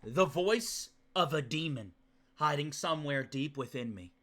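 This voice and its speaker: A man voicing a brooding young female protagonist's inner monologue, reading game narration aloud in a low, hushed, solemn way. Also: lively intonation, unhurried. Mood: grim.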